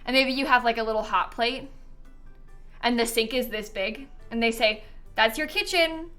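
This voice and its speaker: A woman's voice: a little high, steady tone, normal speed, a bit bright, soft background music. A woman chatting casually on a live stream as she builds in a life-sim game, giggling often and answering her chat.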